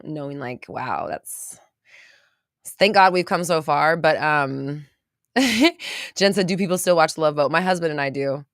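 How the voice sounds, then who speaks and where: Chatty valley-girl woman podcast host, slightly low voice, dry close recording. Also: dry recording. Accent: American valley girl. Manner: bubbly, chatty, lots of fillers and laughs. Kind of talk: casual livestream chat reading viewer comments. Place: home studio.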